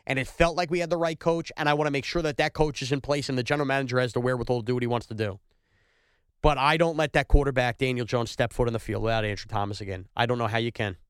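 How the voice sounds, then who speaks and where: A man's voice: medium pitch, clean tone, no room sound, clean studio sound. A man hosting a solo sports podcast, venting his frustration in an emphatic, repetitive rant.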